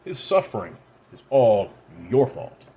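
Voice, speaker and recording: A man's voice: mid-range voice, very animated, a little slow, warm tone. A man voicing an ancient, proud red-haired immortal woman who speaks in a commanding, scolding way. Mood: stern.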